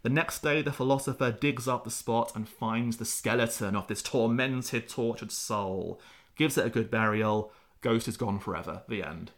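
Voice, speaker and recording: Animated man telling tales. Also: mid-range voice, moderate pace. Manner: animated storyteller, acts out quotes. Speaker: historian guest. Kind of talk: casual podcast chat.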